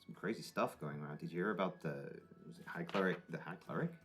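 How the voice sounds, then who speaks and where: A man's voice: low-pitched, fast talker, fairly bright tone, faint music behind. A man voicing a male adventurer with a put-on Welsh accent, chatting casually while probing a shopkeeper. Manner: casual, probing small talk.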